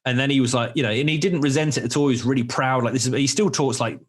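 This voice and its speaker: A man's voice: medium pitch, fairly even intonation, fast, breathy edge. A man in his forties hosting a podcast, telling candid, rambling stories in casual chat with some swearing. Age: 40s. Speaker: podcast host.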